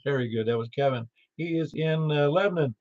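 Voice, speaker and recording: Man, Middle Tennessee accent, gravelly voice, folksy net control chat, lo-fi radio sound. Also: on the high side, fairly quick, a little hiss or hum. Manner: joking, folksy. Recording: lo-fi radio transmission.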